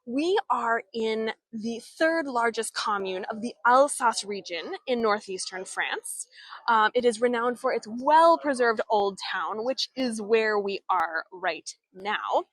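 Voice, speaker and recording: Young woman, tour guide, outdoor walking tour, handheld phone, slow unhurried talk, halting and chatty. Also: on the high side, animated, fairly bright tone, no echo. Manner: chatty, halting with frequent restarts and fillers. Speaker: travel vlogger and tour guide. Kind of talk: live walking tour stream. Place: outdoors in an old town street.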